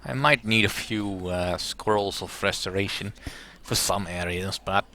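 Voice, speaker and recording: Host for a let's play: low, bright-toned man, lively delivery, thinks aloud over faint game music. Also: measured pace. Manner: musing aloud, hesitant fillers. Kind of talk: gameplay commentary.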